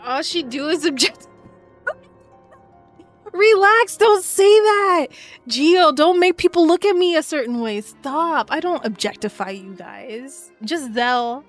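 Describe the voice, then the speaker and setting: A woman's voice: high-pitched, animated, takes it slowly, soft background music. A woman in her twenties streaming a game and chatting in a loose, slangy, profane way, laughing often. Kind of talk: casual gaming stream chat.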